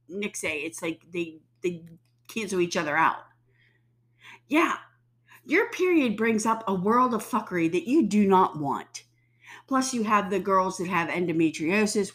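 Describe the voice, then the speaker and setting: A woman's voice: mid-range voice, a bit bright. A woman in her fifties with a stuffy nose and sore throat, ranting bluntly and profanely to the camera. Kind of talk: casual rant to camera.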